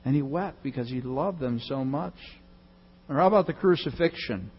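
A male pastor giving a sermon, swinging between loud emphasis and soft, hushed reading. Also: medium pitch, expressive, moderate pace, husky, muffled recording.

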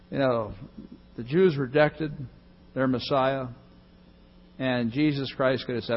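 A male pastor giving a sermon, swinging between loud emphasis and soft, hushed reading. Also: medium pitch, steady tone, slow, long pauses, lo-fi sound.

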